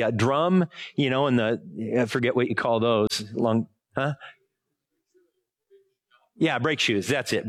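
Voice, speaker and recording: A man's voice: medium pitch, a bit bright. A man preaching a casual sermon, telling a rambling personal story full of fillers and self-corrections. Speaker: pastor.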